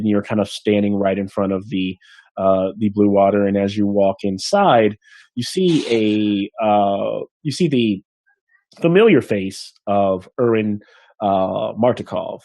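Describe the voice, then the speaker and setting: A man's voice: on the low side, warm tone, no room sound. A man narrating as game master of a tabletop game, rambling with many restarts.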